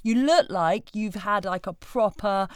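A woman's voice: medium pitch, measured pace, clean tone, no room sound, studio quality. A woman co-hosting a podcast in casual chat, playful and often laughing along. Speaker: podcast co-host.

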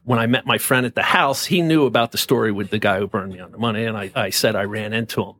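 A man's voice: fairly low pitch, fast, pushed and bright. A man from New Jersey telling a personal story as a podcast guest, intense and profane, often stammering and repeating words.

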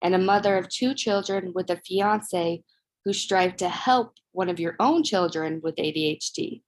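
A woman's voice: lowish voice, moderate pace. A woman hosting an interview, introducing and welcoming her guest. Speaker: host.

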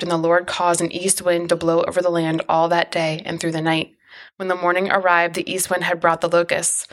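A woman with a fairly low voice reads a long scripture passage aloud. Her delivery is steady and even, as a show co-host taking a turn at reading. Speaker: podcast co-host and scripture reader. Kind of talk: casual chat, then plain scripture reading.

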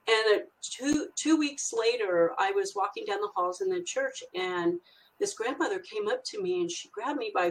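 A woman's voice: medium pitch, low-quality recording. An older woman, a grandmother and children's author, telling a story in a rambling way with many fillers and restarts. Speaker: guest author. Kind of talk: casual storytelling interview.

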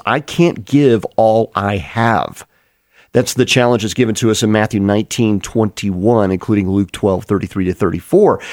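A man's voice: mid-range voice, a little mellow, no echo, clean studio sound. A man preaching an earnest, explanatory Bible teaching sermon, with frequent restarts as he works through the text.

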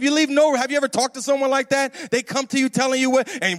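A male pastor preaching a sermon, animated and repetitive, often calling out questions to the congregation. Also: very high voice, fast talker, hardly any pauses, in a large hall. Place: church.

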